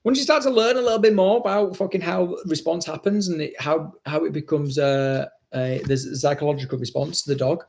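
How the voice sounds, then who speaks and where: A man's voice: fairly high pitch, fairly quick, vocal fry, few pauses, darkish tone. A man, a dog trainer, chatting casually, blunt and swearing freely. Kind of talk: casual chat.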